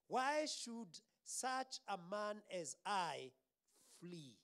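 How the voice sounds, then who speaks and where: A man with a Kenyan accent preaching a sermon as pastor, stressing words emphatically and letting phrases trail off softly. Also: fairly high pitch.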